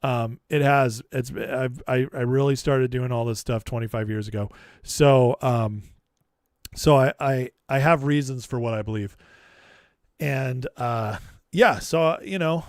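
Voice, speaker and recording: A man's voice: medium pitch, smooth, dry recording, clean studio sound. A man hosting a live political commentary stream, talking casually and mocking the clips he plays with exasperated sarcasm.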